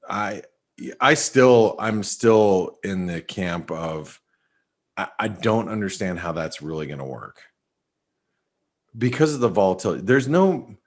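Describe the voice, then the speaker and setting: A low-pitched man talks through the markets in a loose, rambling way, often restarting his sentences and filling gaps with "um" and "you know". He sounds like he is on a video call mic. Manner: rambling, many restarts and fillers. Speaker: market analyst host. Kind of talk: casual webinar chat.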